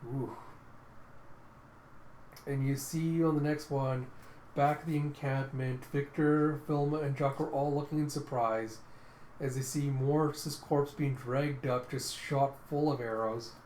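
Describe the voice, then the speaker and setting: A man narrates a comic page by page in a relaxed, animated way and mouths the sound effects as he goes. His voice is of middling pitch. The room rings a little and there is a faint hiss underneath. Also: measured pace, reverberant. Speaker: comic readthrough host. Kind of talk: casual comic readthrough narration.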